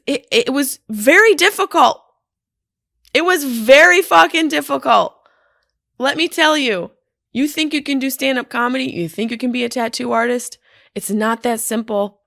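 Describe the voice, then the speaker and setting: A woman comedian telling casual stories on a podcast, animated, profane and self-deprecating, from a hotel room. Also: on the high side, no room sound, studio quality. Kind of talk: casual storytelling monologue.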